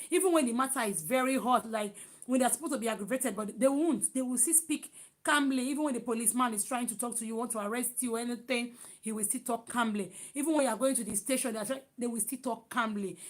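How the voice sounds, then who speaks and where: A young Nigerian woman talks straight to her viewers in a loud, emphatic voice that sits a touch high. She speaks in quick bursts, circling back over her words as she goes. Her Nigerian accent colours every line. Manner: animated, loud and emphatic, with many restarts. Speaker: vlogger. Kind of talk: casual vlog chat.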